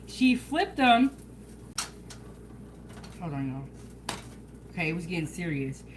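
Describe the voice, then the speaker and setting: A woman hosting a casual home cooking vlog, chatting in a relaxed way and talking straight to her viewers. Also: fairly low pitch, slow, a little hiss or hum, low-quality recording. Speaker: home cooking show host. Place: home kitchen.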